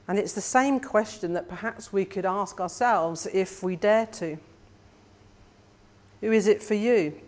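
A preacher giving a sermon at an unhurried, deliberate pace. The delivery is measured and reflective, and keeps turning questions back on the listeners. The pitch sits in an ordinary middle range.

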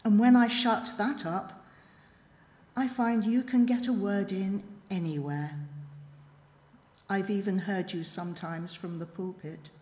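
A woman reading a reflective poem in church, measured and quiet, with long pauses. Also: mid-range voice, steady tone. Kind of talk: slow reflective poetry reading. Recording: echoey church hall.

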